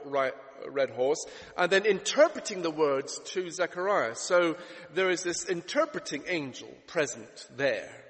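A man preaches a sermon, working through it with rhetorical questions and stacked, repeated phrases. His voice sits high for a man. A long reverb rings after each phrase. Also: a bit bright. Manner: expository, rhetorical questions, emphatic repetition.

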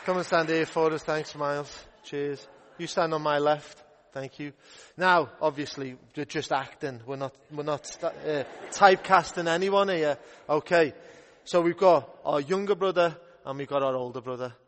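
A man's voice: on the high side, moderate pace, a faint crowd, slight background noise. A young man, a youth minister, telling a Bible story to children in a playful, upbeat way in a church hall. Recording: echoey hall with long reverb.

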